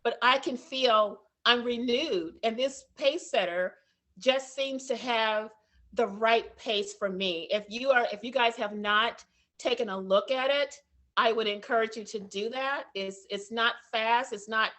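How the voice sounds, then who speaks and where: A woman's voice: on the high side, a little slow, fairly bright tone. A woman consultant earnestly sharing how a program is helping her on a team call. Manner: earnest, reflective. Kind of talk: call testimonial.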